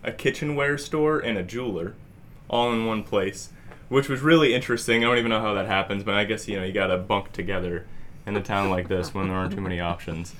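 A man's voice: lowish voice, steady tone, quick pace, fairly bright tone, a little hiss or hum. A man co-hosting a podcast, telling a long story casually with lots of "like" fillers. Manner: rambling, heavy use of "like". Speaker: podcast co-host.

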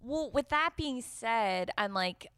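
A woman's voice: a little high, animated, slow pace, fairly bright tone, smooth, dry recording. A woman co-hosting a podcast in casual chat, mostly reacting with short interjections and follow-up questions.

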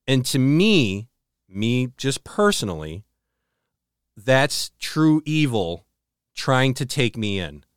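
A man co-hosting a podcast, retelling a story earnestly with halting restarts and a hushed, slowed delivery on dramatic moments. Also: big pitch swings, clear, resonant tone, no room sound, clean studio sound. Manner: slows and drops to a low hush on dramatic moments. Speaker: podcast co-host. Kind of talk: casual storytelling chat.

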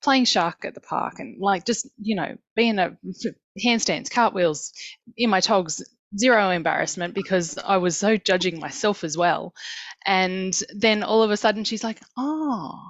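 A woman, a guest in a casual chat, talking earnestly on a headset in rambling, quick bursts. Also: mid-range voice, no room sound.

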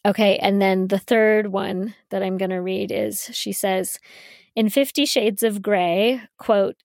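A woman hosting a talk podcast in a relaxed, conversational way, full of "you know" and "like" and the odd light laugh. Her voice sits at a middling pitch and is recorded close and dry, with no room sound. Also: a little slow, gravelly, no room sound. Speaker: podcast host. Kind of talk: casual discussion, reading quotes aloud.

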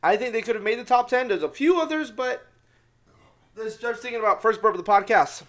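Young man, high voice, podcast host, hyped, loud, swears a lot, casual rambling chat. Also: expressive, brisk.

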